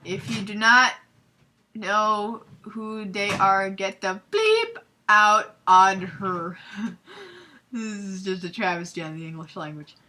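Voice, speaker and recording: A young woman hosting a comedic fanfiction readthrough, reading aloud with sarcastic, giggly, deadpan asides. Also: mid-range voice, takes it slowly.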